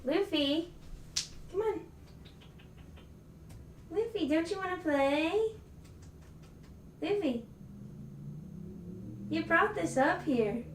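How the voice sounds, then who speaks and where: A woman with a very high, expressive voice hosts a livestream from a room at home, drawing out her words and pausing often as she plays with her cats, talks to them playfully and greets viewers. The echoey recording comes from a distant mic and carries a little hiss or hum.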